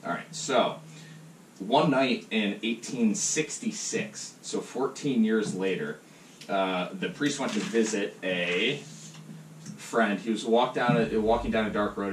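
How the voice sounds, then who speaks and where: A man's voice: fairly low pitch, measured pace. A man co-hosting a podcast, retelling a story in a rambling, casual way full of fillers. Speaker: podcast co-host. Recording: roomy, distant mic, faint noise.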